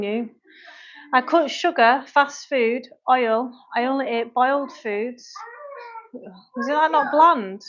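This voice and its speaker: A woman's voice: fairly high pitch, fairly bright tone. A British woman in her thirties, a fitness coach chatting casually on a livestream at home, reading viewer comments aloud and breaking off to tend her kids. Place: home kitchen. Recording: dull lo-fi livestream audio.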